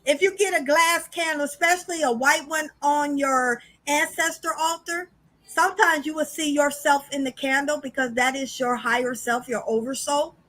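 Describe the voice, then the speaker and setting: A high, bright woman hosting a spiritual podcast in an animated, chatty way. She talks straight to her listeners and calls them y'all. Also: normal speed. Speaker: podcast host. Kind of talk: casual spiritual podcast talk.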